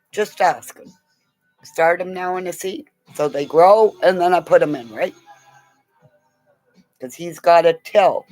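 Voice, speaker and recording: A woman's voice: lowish voice, gravelly, darkish tone. A middle-aged woman rambling in a casual monologue, swearing freely and often dropping into whispers. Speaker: vlogger.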